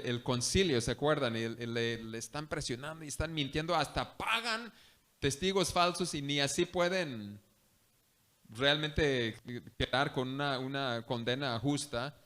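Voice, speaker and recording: A man, a missionary preacher, giving an animated sermon that switches between two languages in a church. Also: medium pitch. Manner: animated storytelling. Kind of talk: bilingual sermon.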